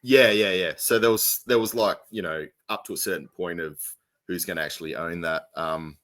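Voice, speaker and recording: Male podcast co-host, very low voice, rambling casual delivery, dry close sound. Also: steady tone, moderate pace, a bit bright, no echo. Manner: rambling, lots of fillers and restarts. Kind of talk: casual chat.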